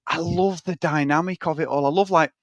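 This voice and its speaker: A man on a podcast, gushing about a film he loves in long, tangled runs, dropping swear words everywhere. His voice sits a touch high for a man and sounds close and dry, with no room around it. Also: fairly even intonation, fairly quick, no echo. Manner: profane, rambling, enthusiastic. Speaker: podcast co-host. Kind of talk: casual film review chat.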